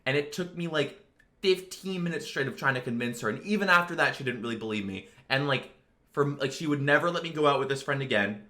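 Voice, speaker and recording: A man's voice: mid-range voice, brisk, sharp tone. A young man casually telling a personal story, rambling with lots of fillers. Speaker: storytelling video creator.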